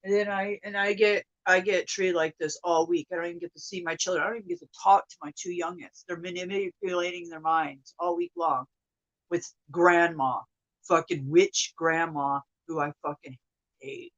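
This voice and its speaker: A woman in her thirties venting to her viewers in an upset, profane monologue that swings from loud outbursts to hushed mutters. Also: fairly low pitch, steady tone, moderate pace, highs cut off. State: upset, emotional. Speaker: vlogger.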